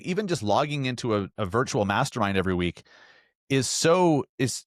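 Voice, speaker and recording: A podcast host from the Salt Lake area of the US talks solo, earnestly and emphatically, often restarting his sentences. He has a mid-range voice, recorded with clean studio sound and no echo.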